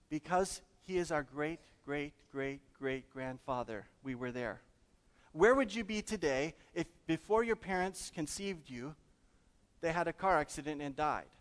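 A man preaches a sermon to his congregation, emphatic and questioning. His voice sits a little high for a man. The sound rings with long church reverb. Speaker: pastor.

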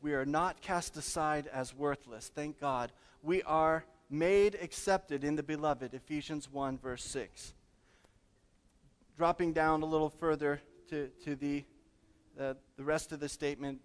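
A man preaches a sermon to his congregation, emphatic and questioning. His voice sits a little high for a man. The sound rings with long church reverb. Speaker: pastor.

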